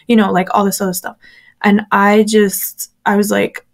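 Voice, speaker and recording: A woman's voice: medium pitch, level tone, moderate pace, creaky. A woman being interviewed, telling a personal story candidly with lots of fillers, acting out the voices of people she quotes. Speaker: interview guest, former church member.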